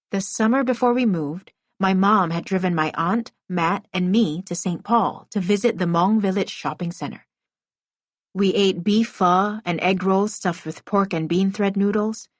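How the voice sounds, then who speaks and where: A woman's voice: mid-range voice, animated, normal speed, dry recording. A woman reading a first-person middle-grade novel aloud as an audiobook narrator, telling it expressively.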